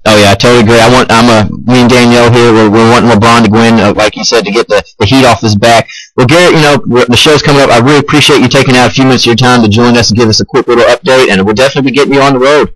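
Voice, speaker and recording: A man's voice: mid-range voice, steady tone, rapid-fire, hardly any pauses, a bit bright, low-quality recording. A man hosting a weekend sports radio show, joking with his co-hosts and often tripping over his words. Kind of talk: casual sports radio chat.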